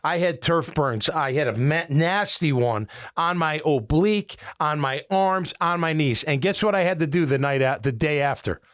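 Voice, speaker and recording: A middle-aged man from Illinois, a sports radio host, telling rambling, animated stories with many restarts in casual talk. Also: a little high, normal speed, hardly any pauses.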